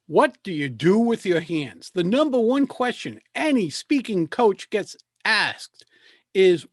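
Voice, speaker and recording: A man speaking as a presentation coach over a video call. He talks in a measured way and leaves deliberate pauses. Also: high voice, big pitch swings, dry recording, studio quality.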